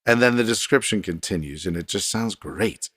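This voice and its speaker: A man's voice: on the low side, normal speed, fairly bright tone, husky, no echo, clean studio sound. A man hosting his own podcast alone at his desk at home, talking in a rambling, self-deprecating way. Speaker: podcast host. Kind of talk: casual solo podcast monologue. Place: desk in a home recording room.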